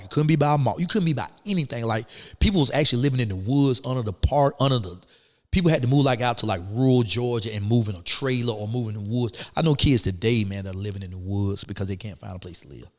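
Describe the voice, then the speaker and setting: A man's voice: medium pitch, fast talker, long reverb tail. A man, telling his story as a guest in a casual interview and acting out the people in it. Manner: animated, acts out quoted people.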